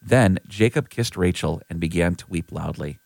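A man giving a clear, steady scripted reading of scripture. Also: low-pitched, moderate pace, dry recording. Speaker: scripture reader.

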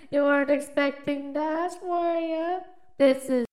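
A man's voice: steady tone, drawn-out words, heavily acted. An Irish man using a voice changer to sound like a woman, teasing and amused. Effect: voice changer, pitched up to female.

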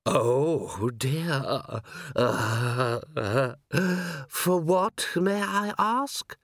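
A man voicing a sly, unruffled male vampire nobleman in mock-polite, drawn-out tones. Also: medium pitch, lively intonation, fairly bright tone, no echo, clean studio sound, exaggerated voice. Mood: silky mock-polite. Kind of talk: audiobook character voice.

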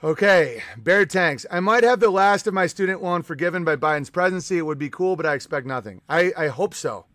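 A man hosts a live stream with a ranting, profane edge, his voice sitting a little higher than most men's. He sounds sarcastic and combative as he works through the chat. The sound is close and dry, with almost no room around it. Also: lively intonation, fairly quick, hardly any pauses, a bit bright, dry recording.

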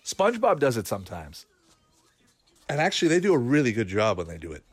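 A man's voice: mid-range voice, huge pitch swings, a little fast, slightly rough, no room sound. Chatty man reacting to a cartoon. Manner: chatty, laughs often, thinks aloud with fillers. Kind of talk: casual watch-along commentary.

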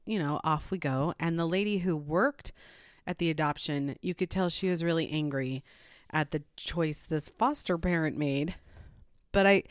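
A mother tells a personal story to the camera, casual and animated, wandering into rambling asides and laughing often. Her voice is fairly low in pitch, and the sound is clean and studio-like with no room sound.

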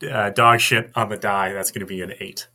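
Bright-voiced male player. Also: on the low side, fairly even intonation, brisk. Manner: asks questions, hedges with "like". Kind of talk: tabletop game play.

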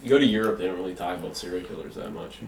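A man hosting a podcast, chatting casually with quick, agreeable interjections. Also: low-pitched, distant mic. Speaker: podcast host. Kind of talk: casual chat. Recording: echoey room, off-mic, faint noise.

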